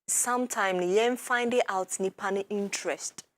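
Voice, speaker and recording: A woman with a Ghanaian accent hosting a studio talk show, lively and switching quickly between Twi and English. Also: mid-range voice, no room sound.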